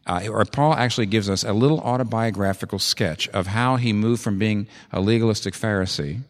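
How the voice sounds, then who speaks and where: A man preaching a sermon with an animated, emphatic delivery, repeating phrases for effect. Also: lowish voice, long reverb tail.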